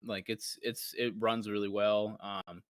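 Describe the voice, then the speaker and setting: A man's voice: lowish voice, little pitch movement, a little slow, no room sound, clean studio sound. A man co-hosting a podcast in casual chat, rambling with many restarts and acting out his own reactions. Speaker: podcast co-host.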